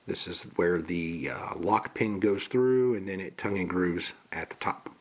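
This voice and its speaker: A man's voice: low-pitched, a little slow, a little hiss or hum. A man casually walking through an unboxing, listing parts in a plain, matter-of-fact way. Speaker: gun reviewer.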